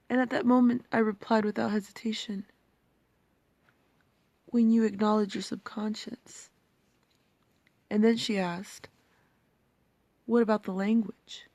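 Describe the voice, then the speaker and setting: A woman in her thirties vlogging personal reflections, emotional and halting, sometimes dropping to a near-whisper. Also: on the high side, steady tone, a little mellow, no room sound.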